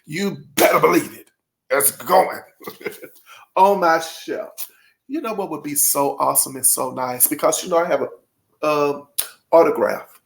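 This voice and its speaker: A man's voice: fairly high pitch, animated, normal speed, creaky. A man hosting his own channel, chatting casually and emotionally with viewers in a gushing, folksy way. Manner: folksy, addresses viewers directly. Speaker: channel host. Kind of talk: casual vlog chat to viewers.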